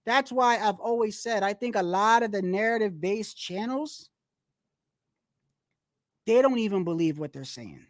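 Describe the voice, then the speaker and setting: A woman hosting a boxing channel livestream, ranting in animated, profane, slangy talk full of restarts. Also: mid-range voice, moderate pace, long pauses, no room sound, clean studio sound. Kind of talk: casual livestream commentary.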